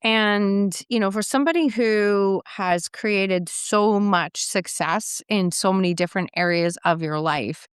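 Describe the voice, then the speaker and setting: Smooth-voiced woman podcast host. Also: mid-range voice, unhurried, hardly any pauses, no room sound, studio quality. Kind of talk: casual interview conversation.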